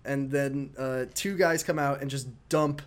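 A man co-hosting a casual chat about a video game, excitable and laughing often as he retells scenes. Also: mid-range voice, a little slow. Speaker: podcast co-host.

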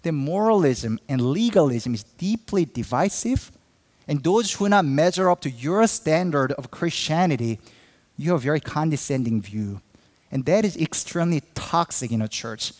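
A man's voice: fairly high pitch, expressive, normal speed, a little mellow, in a large hall. A man pastor preaching a sermon earnestly, acting out quoted believers with a raised voice.

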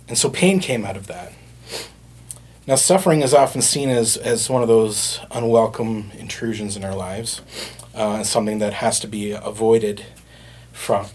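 Lower-voiced man preaching a sermon. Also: a little hiss or hum. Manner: conversational preaching with frequent fillers and restarts. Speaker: pastor.

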